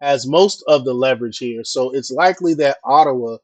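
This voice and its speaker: A man's voice: medium pitch, a little fast, no room sound. A man hosting a casual political news commentary, talking hesitantly with fillers and chatty asides to his viewers.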